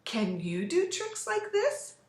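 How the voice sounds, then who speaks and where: A woman voicing an excitable male toad in a storybook read-aloud, crying out in high, squealing tones. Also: takes it slowly, full character voice. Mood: boastful. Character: excitable boastful then frantic male toad. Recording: roomy echo.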